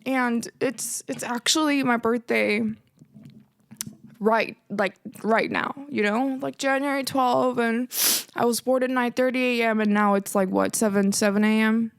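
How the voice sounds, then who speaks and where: Slow-talking teary woman podcaster. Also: on the high side, fairly even intonation, clear, resonant tone, no echo, studio quality. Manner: rambling, emotional, swears, many fillers. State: teary, close to crying. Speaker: podcast host. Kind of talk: casual solo podcast chat.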